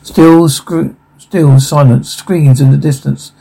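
A man reading a drama's captions and sound cues aloud in a flat, halting way. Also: fairly high pitch, vocal fry, slightly rough, rough recording.

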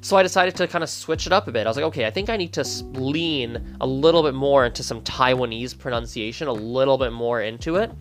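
A man talking casually into the camera for his language-learning channel. His voice sits at an everyday middle pitch, and his delivery is lively as he thinks out loud, circling back and restarting mid-sentence. Soft music plays faintly underneath. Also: fast talker, hardly any pauses. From Canada. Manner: thinking aloud, animated, frequent restarts.

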